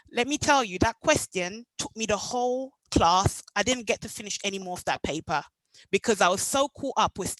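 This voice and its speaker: A young adult woman from Jamaica with a Jamaican accent, telling her own story at a meetup in an animated way. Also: fairly high pitch, dry recording, rough recording. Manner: animated, acts out past dialogue. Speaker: meetup speaker. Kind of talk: personal storytelling talk.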